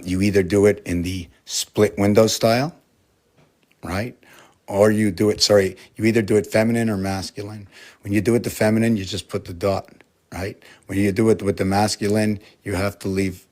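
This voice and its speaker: A man's voice: fairly low pitch, flat delivery, moderate pace. A man in a casual vlog, rambling through an explanation and asking many rhetorical questions. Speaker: vlogger.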